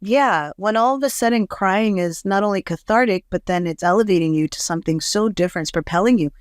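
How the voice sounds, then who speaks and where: A woman's voice: medium pitch, fast, clean tone, no echo, studio quality. A woman hosting a podcast, talking casually and reflectively with frequent fillers. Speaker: podcast host. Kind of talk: casual conversation.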